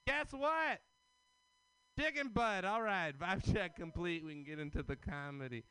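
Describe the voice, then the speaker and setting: A man performing stand-up at an open mic, talking fast and working the crowd. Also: high voice, bright, forceful tone, clean tone, poor audio. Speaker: stand-up comedian.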